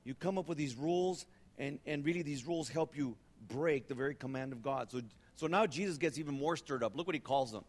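A slightly higher-voiced man preaches a sermon in a church, casual and animated, circling back to repeat his points. His voice rings out with a long hall reverb. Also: fairly quick, few pauses. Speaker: pastor. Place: church sanctuary.

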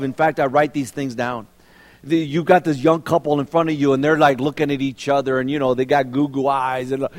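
A middle-aged man preaching a sermon as pastor, telling stories and asking the congregation questions. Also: fairly high pitch. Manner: animated storytelling, rhetorical questions to the congregation. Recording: long reverb of a large hall.

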